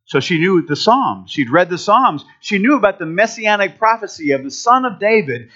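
A man's voice: high-pitched, sing-song, normal speed, bright, forceful tone. A middle-aged man preaching a sermon as a pastor, telling a personal story in a conversational, anecdotal way. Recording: dull lo-fi recording.

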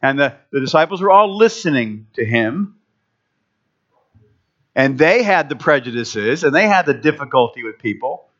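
A man's voice: medium pitch, expressive, moderate pace, a bit bright. A middle-aged man preaching a sermon as a pastor, telling a personal story in a conversational, anecdotal way. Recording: dull lo-fi recording.

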